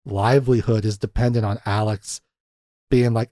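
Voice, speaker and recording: A man's voice: mid-range voice, normal speed, a little mellow, dry recording, studio quality. A man hosting a podcast in casual film chat, laughing often and acting out scenes as he retells them. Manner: chatty, laughs often, acts out quotes from scenes. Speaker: podcast host.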